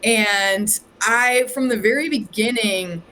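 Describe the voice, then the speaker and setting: A woman's voice: on the high side, takes it slowly, bright, forceful tone, a little hiss or hum, low-quality recording. A woman from Ohio, a podcast guest and psychic medium, telling her story in a chatty, rambling way with lots of "like". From Ohio, USA. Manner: chatty, rambling, heavy use of "like". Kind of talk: casual storytelling chat.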